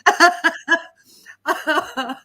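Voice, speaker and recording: A woman's voice: sits high, extremely slow, bright, forceful tone. A woman co-hosting a live stream who reads a comic meditation aloud, then chats casually, laughing often and swearing freely. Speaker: co-host of a live psychic development stream.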